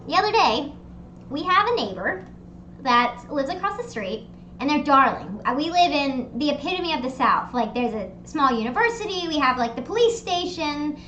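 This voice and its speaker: A young woman hosting a casual livestream chat from home, telling stories in an animated, rambling way with lots of fillers. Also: high-pitched, roomy sound, slight background noise. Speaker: streamer hosting a live hangout. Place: her home. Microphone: streaming desk mic.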